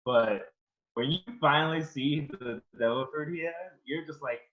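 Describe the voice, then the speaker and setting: Young man, podcast co-host, excitable chat, slightly muffled lo-fi mic. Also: fairly high pitch, normal speed. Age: young adult. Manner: excitable, trailing off into "like".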